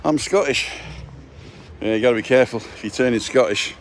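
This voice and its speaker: A man's voice: on the low side, steady tone, racing, a little hiss or hum. A man with a cold giving a jokey, chatty live-stream walking tour, talking into a phone he holds as he walks outdoors. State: has a cold. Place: outdoors, walking through a residential complex. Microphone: handheld phone.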